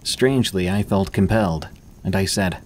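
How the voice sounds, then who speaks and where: A man reading first-person horror stories aloud as scripted narration, in a steady, measured delivery. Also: sits low, slight background noise.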